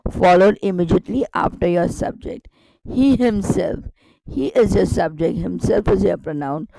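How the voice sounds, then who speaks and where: A woman's voice: fairly low pitch, gravelly, mellow, dry recording, low-quality recording. A woman teaching a grammar lesson online, explaining step by step with repetition and rhetorical questions.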